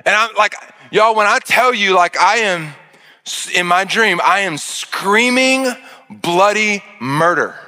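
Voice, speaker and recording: A man, telling an animated story to an audience and acting out the shouts and panic. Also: high voice, takes it slowly, big-room sound. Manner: expressive, acts out shouts and panic, jokes with the crowd. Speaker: speaker addressing an audience.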